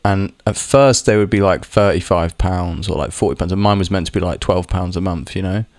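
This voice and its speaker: A man's voice: deep voice, fairly even intonation, fairly quick, darkish tone, no room sound, studio quality. A young man talking casually to camera, rambling with lots of restarts and the odd swear word. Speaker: vlogger. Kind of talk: casual monologue.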